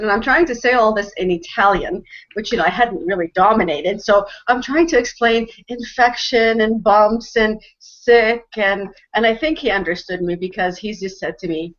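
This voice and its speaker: A woman's voice: medium pitch, moderate pace, fairly bright tone. A woman from Canada, host and storyteller, telling a personal story in an earnest, emotional way with frequent restarts. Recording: dull lo-fi audio.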